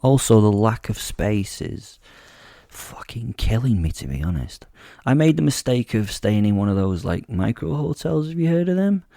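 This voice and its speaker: Gravelly, dark-voiced man narrating. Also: on the low side, very animated, moderate pace, no echo, clean studio sound. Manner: crude, rambling, sardonic. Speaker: werewolf narrator. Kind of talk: scripted audio drama narration.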